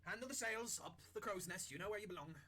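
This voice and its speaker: A man voicing a grumpy, lazy male ship's chef who nags loudly in a tabletop game. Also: sits high, fast talker, slight background noise, voice pushed up. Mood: nagging. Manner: loud nagging shouts.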